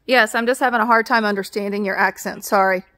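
A woman's voice: medium pitch, fairly even intonation, fast talker, bright, forceful tone. A woman on a phone call who is polite, plays confused and keeps asking questions back. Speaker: call recipient.

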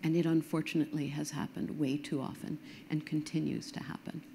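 A woman's voice: sits low, fairly even intonation, a little fast, vocal fry, mellow. A middle-aged woman giving a conference talk, explaining earnestly and with emphasis. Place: stage before an audience.

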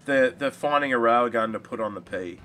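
A man chatting casually about a video game, rambling and animated, swearing now and then. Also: medium pitch, brisk. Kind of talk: casual gaming chat.

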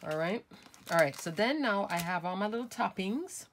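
A woman's voice: medium pitch, expressive, normal speed, a little hiss or hum. A middle-aged woman, nasal from a cold, chatting her way through a step-by-step craft tutorial at her desk and talking to viewers as folks and crafters.

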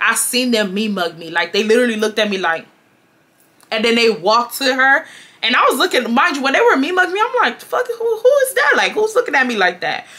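A woman in her twenties from Houston tells her viewers a story in a casual vlog. She talks with emphasis, repeats her points and swears freely. Her voice sits a little high and has a sharp, bright edge. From Houston, Texas. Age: 20s. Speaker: storytime vlogger.

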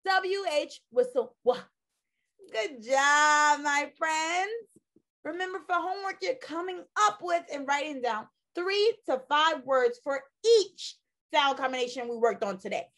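A woman teacher leading a phonics lesson for young children, drilling sounds in a slow, sing-song way while losing her voice. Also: high voice, a bit bright. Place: classroom video lesson.

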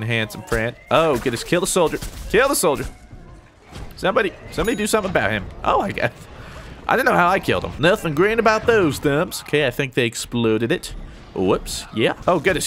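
A young man commentating his own gameplay with loose, excitable energy, his voice leaping high on every surprise. His tone is bright and forceful, with a faint hiss in the background. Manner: excitable, self-mocking, pitch jumps on surprises. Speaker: gaming YouTuber.

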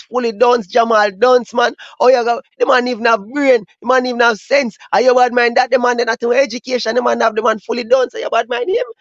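Jamaican male host, fairly high voice, excitable patois commentary, dry dull home mic. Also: dry recording. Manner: animated, repetitive street slang, exclamations. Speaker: dancehall news host. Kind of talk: reaction commentary on a clip.

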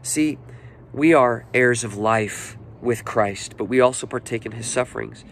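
A man in his forties preaching a heartfelt sermon in a voice of middle pitch. He rises to emphatic, lifted lines and then drops to near-whispers. A faint hum of noise sits behind him. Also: steady tone, normal speed, creaky. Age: 40s. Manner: earnest, personal storytelling with emotional swells and hushed moments. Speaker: pastor.

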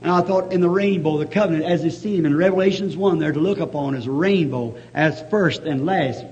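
A man preaching a revival sermon, telling a story in a hushed voice and then breaking into excited shouts of praise. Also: a little high, fairly quick. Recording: dull lo-fi archival tape.

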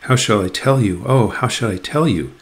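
A man's voice: on the low side, lively intonation, moderate pace. A man reading aloud the lines of a distressed young noblewoman, a reluctant messenger, in faltering, formal speech.

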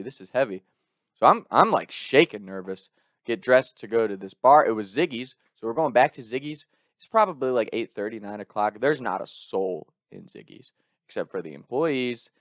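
A young man tells a story casually, talking animatedly, swearing often and breaking off into quick asides and restarts. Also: mid-range voice, a bit bright, no echo, studio quality.

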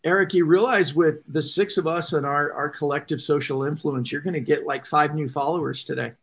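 A man's voice: on the high side, fairly even intonation, brisk, noisy background. A man teasing his co-hosts in casual chat on a web show panel, over a video call mic. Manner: teasing, playful.

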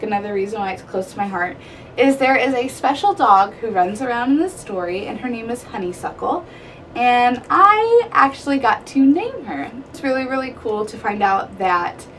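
Young woman, book reviewer, excitable and chatty, slightly distant mic with faint hum. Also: a little high. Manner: bubbly, gushing, peppered with "like". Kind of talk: casual book review vlog. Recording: somewhat distant mic with faint room ambience.

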